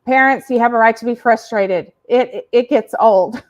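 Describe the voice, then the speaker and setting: Woman, co-host, casual parenting talk, laughs between points, fairly high voice. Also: moderate pace. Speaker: podcast co-host.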